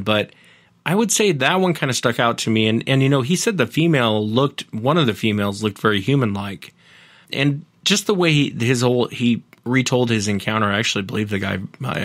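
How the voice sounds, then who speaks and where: A man's voice: on the low side, a bit bright, no room sound. A man, a podcast host appearing as a guest, earnestly retelling other people's encounters at length in a casual interview.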